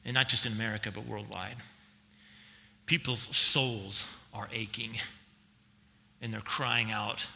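A middle-aged male pastor with a very bright, forceful tone preaches in a church, his voice trailing off in the long reverb of a large hall. He swings from loud, emphatic bursts to quiet, slowed-down reflection. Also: fairly low pitch, steady tone, creaky, slight background noise. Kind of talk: sermon.

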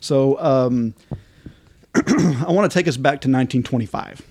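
A man's voice: mid-range voice, unhurried, a little mellow. A man co-hosting a casual podcast, talking in a rambling way with lots of fillers and restarts. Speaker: podcast co-host.

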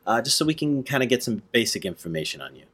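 A man's voice: medium pitch, sing-song, fast, fairly bright tone, breathy edge. A man hosting a podcast, chatting casually and asking easygoing follow-up questions. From North America. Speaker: podcast host. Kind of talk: casual interview chat.

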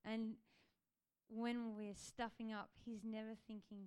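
A woman in her thirties sharing a personal faith testimony in a gentle, earnest way, with frequent ums and likes. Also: on the high side, little pitch movement, moderate pace.

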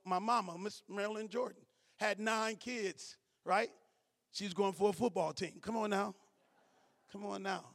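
High-voiced man preaching in a reverberant hall. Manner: preaching with call-and-response, swinging from shouts to low asides. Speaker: pastor. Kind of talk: sermon. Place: church sanctuary.

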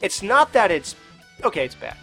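A man's voice: sits high, sing-song, normal speed, vocal fry, a bit bright, faint music behind. A man co-hosting a podcast, joking sarcastically about a movie and swearing freely. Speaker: podcast co-host. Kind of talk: casual movie review chat.

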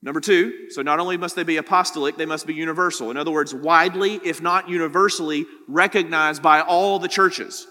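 A man preaches in a relaxed, talky way, peppering his points with quick "right?" checks to the congregation. His voice sits a bit high and rings bright, with a long reverb trailing off the church room. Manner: conversational teaching, frequent "right?" tag questions. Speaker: pastor. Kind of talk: sermon.

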